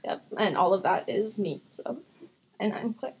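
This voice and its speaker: A woman's voice: mid-range voice, unhurried, a little mellow, husky, highs cut off. A young woman co-hosting a podcast in casual chat, rambling and giggling often, swearing casually. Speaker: podcast co-host.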